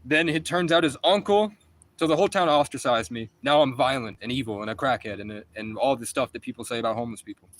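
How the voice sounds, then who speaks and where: Intense male streamer, rambling profane monologue, mid-pitched voice. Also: fast talker, a bit bright, rough recording. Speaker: livestreamer telling a personal story.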